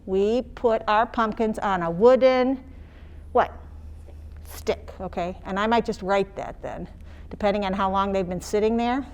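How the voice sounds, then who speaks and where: A woman teacher demonstrating phonics, sounding out words slowly and singing little chants the way she would for young children. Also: mid-range voice, a little mellow. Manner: slow, sing-song teacher talk modeling sounds for young children.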